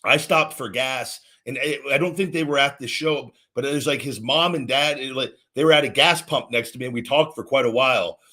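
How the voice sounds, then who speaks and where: Man, podcast host, bright forceful tone, easygoing storytelling, restarts a lot. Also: medium pitch, a little fast, hardly any pauses. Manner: relaxed storytelling with frequent restarts. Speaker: podcast host, former wrestler. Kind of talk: casual podcast chat.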